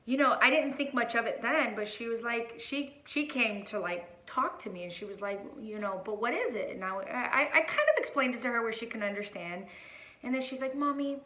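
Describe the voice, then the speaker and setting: Woman, 30s, mother vlogging a personal story; bright, tense voice; rambling and emotional; echoey room. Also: on the high side, brisk. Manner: emotional, rambling with many fillers and restarts. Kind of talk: casual heartfelt vlog.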